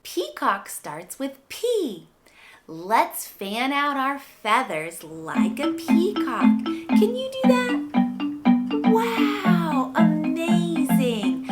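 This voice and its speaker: Woman, toddler lesson host, high bouncy singsong voice, very slow, loud music behind. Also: sing-song. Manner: singsong, exaggerated enthusiastic baby talk. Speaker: children's educational host. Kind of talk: toddler-directed phonics lesson.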